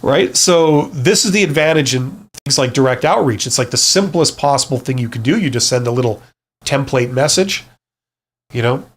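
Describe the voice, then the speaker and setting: A man's voice: mid-range voice, expressive, moderate pace. A middle-aged man hosting a live Q&A, chatting casually with many fillers and restarts, blunt and reassuring. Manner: blunt, joking asides. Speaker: livestream host, former CEO.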